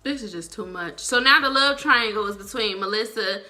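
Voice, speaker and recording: A woman's voice: medium pitch, moderate pace, pushed and bright, faint music behind. A woman, recapping a reality show in a blunt, exasperated vlog style and swearing freely. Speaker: TV show reviewer.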